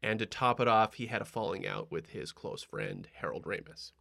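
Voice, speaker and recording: A man hosting a casual podcast chat, laughing often and trailing off quietly at the ends of thoughts. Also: on the low side, wildly swooping pitch, moderate pace, gravelly, dry recording, studio quality. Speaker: podcast host.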